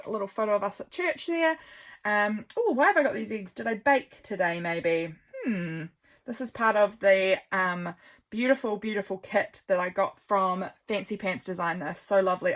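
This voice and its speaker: A woman's voice: medium pitch, a bit bright. Kiwi lady in her 30s flipping thru her craft journal, chatty, gushy, talks to herself a bit. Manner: chatty, gushing, thinks aloud. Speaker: craft vlogger. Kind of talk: casual journal flip-through.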